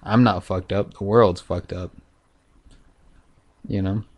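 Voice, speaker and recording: A man talking in a loose, profane, halting monologue full of fillers, vlogging to camera. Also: low-pitched, fairly even intonation. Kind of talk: casual rambling monologue.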